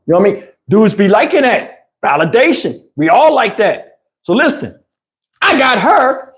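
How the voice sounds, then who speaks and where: A man telling a comic story on a livestream in an animated, emphatic, slangy way, with lots of cursing, into a lapel mic. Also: high-pitched, moderate pace. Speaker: livestream host. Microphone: wireless lapel mic.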